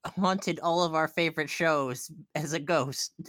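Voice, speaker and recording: A woman's voice: sits low, measured pace, a bit bright, dry recording, studio quality. A woman guest on a podcast, playful and wry in casual chat.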